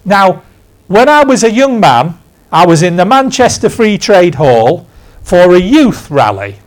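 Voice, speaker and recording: A man's voice: sits high, sing-song, measured pace. A man in his sixties from England, preaching a conversational sermon in church, telling stories with emphatic asides. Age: 60s. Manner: storytelling, emphatic, self-deprecating asides.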